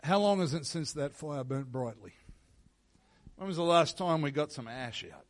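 A man giving a sermon as pastor in a church, moving from quiet reflective teaching into loud, fervent prayer. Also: on the high side, expressive, moderate pace. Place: church sanctuary. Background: soft instrumental music.

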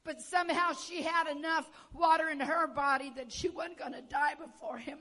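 A woman preacher giving an impassioned sermon, moving between hushed tones and shouting as she tells stories. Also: high voice, fairly even intonation, normal speed, hardly any pauses. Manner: storytelling with acted-out quotes.

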